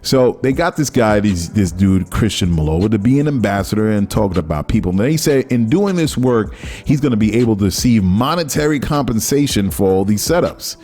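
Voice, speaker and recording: A man with a low, mellow voice hosts his own podcast, chatting casually and loosely. He rambles and stops to hunt for the right word. Soft music sits faintly under him. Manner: rambling, conversational, searches for words. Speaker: podcast host. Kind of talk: casual solo commentary.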